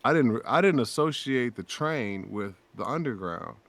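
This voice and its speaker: A man's voice: mid-range voice, lively intonation, measured pace, slight background noise. A man telling a heartfelt story on a casual podcast, acting out quoted dialogue with a raised voice and speaking openly about faith and prayer. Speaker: guest voice actor.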